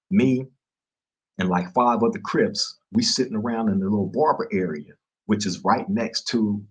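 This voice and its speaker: A man's voice: on the low side, slightly rough, poor audio. A man hosting a podcast, telling a story to camera in casual street slang and acting out the quotes. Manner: street slang, animated retelling with acted-out quotes. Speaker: podcast host.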